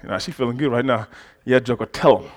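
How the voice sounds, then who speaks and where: A man preaching a sermon to a congregation, moving between quiet conversational asides and loud shouted stretches, calling for the crowd's responses. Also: mid-range voice, brisk. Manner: talks directly to the congregation with call-and-response prompts. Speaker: pastor.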